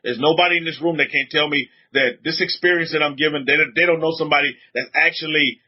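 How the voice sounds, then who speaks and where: This rabbi talks fast with fairly even intonation, yet his emphatic, repetitive preaching still swings frequently in pitch. He reads out comments from his livestream chat as he goes, all captured in dull, lo-fi sound.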